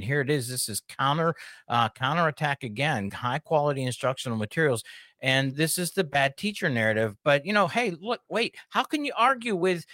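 A man hosting a radio talk show, talking casually with sarcastic, animated asides. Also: on the high side, no echo.

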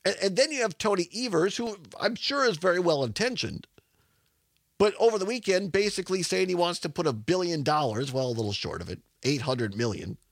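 A man's voice: on the high side, no echo, clean studio sound. A man hosting a radio talk show, chatty and rambling, laughing often. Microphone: studio microphone.

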